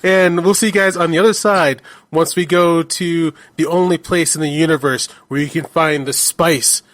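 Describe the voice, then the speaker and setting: Relaxed, higher-voiced man wrapping up a podcast. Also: moderate pace, no echo. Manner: relaxed, stumbling over words. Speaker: podcast host. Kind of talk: casual chat.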